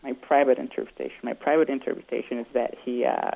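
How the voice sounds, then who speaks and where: A man calling into a radio debate who hesitates, fills pauses with ums and restarts his sentences. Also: mid-range voice, steady tone, creaky. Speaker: caller. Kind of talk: call-in debate. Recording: tinny phone line.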